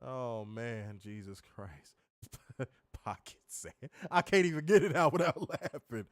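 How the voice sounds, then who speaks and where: A man's voice: medium pitch, a little slow, no echo, studio quality. Profane laid-back man recapping wrestling. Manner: loose, profane, laughing often. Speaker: wrestling review host. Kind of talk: casual crude show recap.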